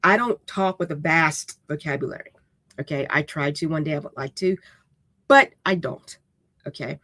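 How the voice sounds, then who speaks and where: A woman's voice: deep voice, moderate pace, a bit bright, dry recording. Woman host of a live-streamed writing lesson; raw, plainspoken, keeps asking "okay?". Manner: casual and direct, checks in with "okay?"; unapologetically raw way of speaking.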